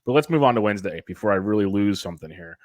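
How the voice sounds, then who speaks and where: A man with a fairly low voice hosts a casual sports podcast. He rambles with energy and jokes a lot. The recording is dry, with no room sound. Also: expressive, rapid-fire, a little mellow, no room sound. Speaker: podcast host.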